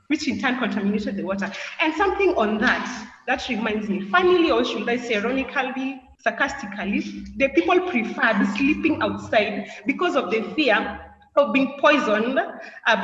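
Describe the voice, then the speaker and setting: A teenage girl giving an impassioned student speech, asking her listeners one question after another. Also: on the high side. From Kenya. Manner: rhetorical, questioning, earnest. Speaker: student speaker. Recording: echoey hall, distant, muffled, faint noise.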